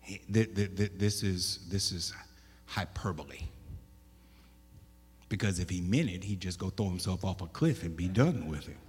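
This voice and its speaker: A man preaching a sermon, with loud emphatic bursts, stammered restarts and questions to the congregation. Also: sits low, normal speed, few pauses, husky. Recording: echoey hall.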